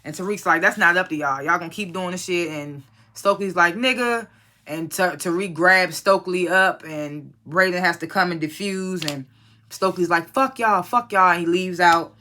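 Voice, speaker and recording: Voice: mid-range voice, fairly even intonation, moderate pace, pushed and bright. A casual TV episode reviewer recapping scenes bluntly and profanely, quoting the characters loosely and offering strong opinions.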